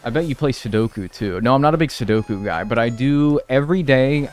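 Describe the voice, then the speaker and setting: A man's voice: mid-range voice, fairly quick, faint music behind. A young man streaming a life-sim game, rambling casually and answering chat with self-deprecating humor.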